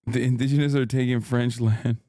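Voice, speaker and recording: A man's voice: mid-range voice, fairly even intonation, fairly quick, mellow, no echo, studio quality. A man streaming live, reacting in casual chat, incredulous and profane as he reads out chat messages.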